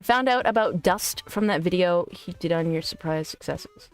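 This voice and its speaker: Woman, VTuber streamer, casual live-stream chat, crude teasing humor, smooth clear voice, faint background music. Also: on the low side, normal speed. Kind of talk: casual live-stream chat, reading viewer messages aloud.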